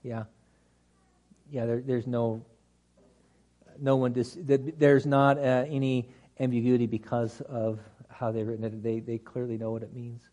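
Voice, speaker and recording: A man leads a Bible study class, explaining the text in a conversational, halting way. His voice is mellow and warm, sitting in a middle pitch. He restarts phrases often and drops in dry, joking asides. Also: flat delivery.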